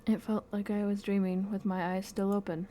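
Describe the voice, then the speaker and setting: A woman reading a game's story text aloud in an expressive, soft-spoken way. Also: medium pitch, normal speed, slight background noise. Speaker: game playthrough narrator.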